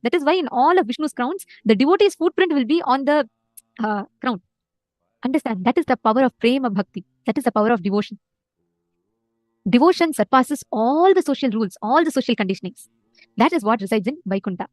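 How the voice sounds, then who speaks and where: A woman giving a spiritual discourse, retelling a story earnestly with frequent pauses. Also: high-pitched, animated, a little mellow, no room sound. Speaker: spiritual teacher.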